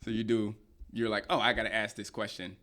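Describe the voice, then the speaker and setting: A man's voice: fairly low pitch, flat delivery, brisk, sharp tone. A young man co-hosting a podcast, talking casually with wry, opinionated humor and frequent laughs. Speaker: podcast co-host. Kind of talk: casual chat.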